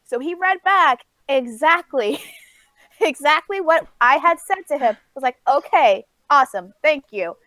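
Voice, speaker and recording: High-voiced woman telling a story, dry sound. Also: unhurried, no echo. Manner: animated storytelling with laughs and acted-out quotes. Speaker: podcast co-host. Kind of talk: casual chat, telling a story.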